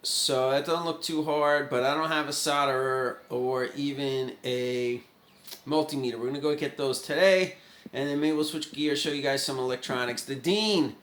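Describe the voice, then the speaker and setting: A man's voice: medium pitch, fairly even intonation, moderate pace, a bit bright. A man chatting casually in a guitar repair vlog, rambling and folksy, thinking aloud as he goes.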